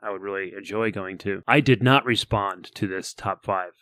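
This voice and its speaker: Low-voiced man rambling through a travel story. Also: moderate pace, a bit bright, no echo. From United States. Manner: rambling storyteller, repeats words when starting sentences. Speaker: podcast co-host. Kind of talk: casual chat.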